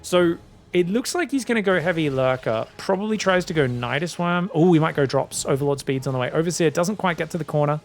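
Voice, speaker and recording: Gravelly, excitable game caster man. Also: fairly high pitch, brisk. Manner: excitable, chatty, often addresses viewers as guys. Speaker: esports caster. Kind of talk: solo game commentary.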